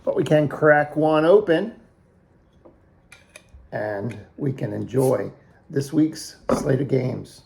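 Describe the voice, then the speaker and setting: A middle-aged man with a gravelly edge to his voice, talking through a fantasy football week in a relaxed, joking way. He pokes fun at himself and rattles off matchups, players and point projections, at an ordinary pitch for a man. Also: slow, long pauses. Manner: jokey, self-mocking, rattles off picks and projections. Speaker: fantasy football league host. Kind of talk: casual weekly league preview.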